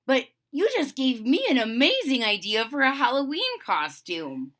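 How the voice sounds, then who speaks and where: A woman voicing a gentle, modest young female puppy in a storybook read-aloud, speaking softly. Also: sits high, big pitch swings, moderate pace, exaggerated voice. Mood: modest cheerful. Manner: soft-spoken, modest.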